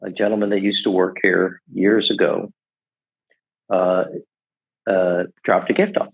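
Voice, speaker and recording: A man's voice: low-pitched, little pitch movement, a little slow, gravelly, husky, phone-quality sound. A man in his sixties, a podcast guest, telling stories in a casual, rambling way, full of restarts and "et cetera". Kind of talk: casual storytelling.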